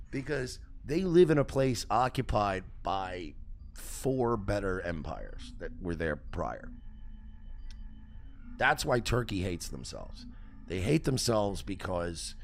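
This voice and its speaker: A man hosting a livestream, telling a story in a profane, animated rant. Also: lowish voice, creaky. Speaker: host.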